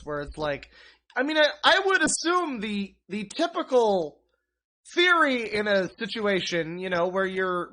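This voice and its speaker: A man's voice: high voice, fairly bright tone. Sarcastic ranting male streamer. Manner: sarcastic, exasperated, swears freely; rambling with frequent restarts and asides. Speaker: streamer reacting to online content. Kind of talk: ranting live-stream commentary.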